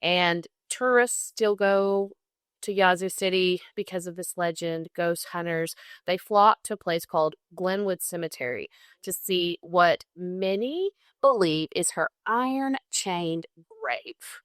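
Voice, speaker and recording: A woman's voice: on the low side, slow, fairly bright tone, clean tone, dry recording, clean studio sound. A young woman with a Southern accent, casually telling a folklore story on a podcast and laughing often. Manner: chatty, laughs often, enthusiastic about folklore. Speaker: guest co-host.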